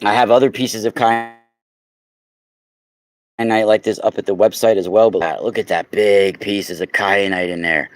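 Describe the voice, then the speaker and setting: A man chatting casually on a livestream, exclaiming loudly and talking straight to his viewers while selling crystals. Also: fairly low pitch, steady tone, moderate pace. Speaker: crystal seller and podcaster. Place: indoors at home.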